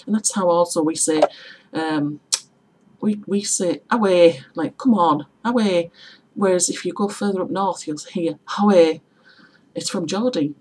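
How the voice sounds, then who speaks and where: Low-voiced Teesside woman chatting. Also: normal speed, dark tone, slight background noise, poor audio. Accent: Teesside (Middlesbrough). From Middlesbrough, England. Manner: chatty, explains with examples and spellings. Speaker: vlogger. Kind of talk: casual tag video chat.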